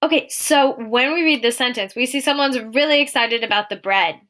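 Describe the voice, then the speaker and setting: Her voice sits a little high, bright and forceful, as this young woman teaches young children in a recorded lesson. She is clear and encouraging, reading example sentences aloud more slowly.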